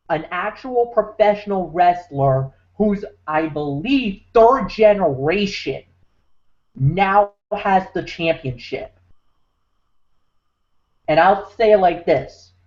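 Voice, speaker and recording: A man hosting a wrestling recap show, talking with emphatic, preacher-like force. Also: high voice. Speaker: podcast host. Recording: muffled lo-fi audio.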